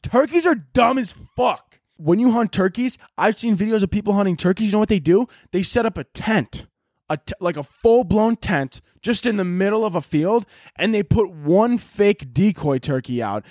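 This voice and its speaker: A man with a fairly high voice hosts a comedy podcast in a profane, rambling rant. He jumps between tangents with animated energy. The sound is dry and close. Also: moderate pace, no echo. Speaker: podcast host. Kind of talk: casual comedic podcast monologue.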